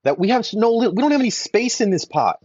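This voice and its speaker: A man tells a teaching story with a lively, expressive voice that rises and falls widely. His tone is husky and breathy, and he often restarts his sentences. The recording is dull, lo-fi and dry. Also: high-pitched, fast, dry recording. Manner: animated storyteller, frequent restarts. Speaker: Vedic astrologer guest.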